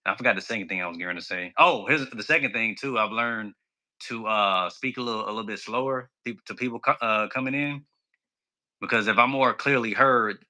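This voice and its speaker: Bubbly outgoing man, quick talker. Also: on the low side, bright, forceful tone. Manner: bubbly and extroverted. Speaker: guest. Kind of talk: casual chat.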